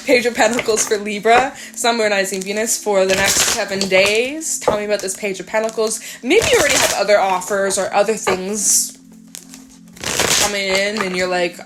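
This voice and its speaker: A woman giving a casual tarot reading, talking quickly in a chatty way, often swearing and laughing. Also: medium pitch, slight background noise. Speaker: tarot reader.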